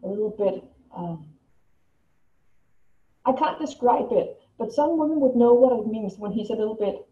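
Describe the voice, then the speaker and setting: A woman vlogger tells a story to the camera in a casual, personal way, her voice fairly high, animated and dark-toned at a moderate pace with long pauses. She rambles, often restarting and repeating words. The recording is roomy, distant and dull, with a lo-fi, echoey sound.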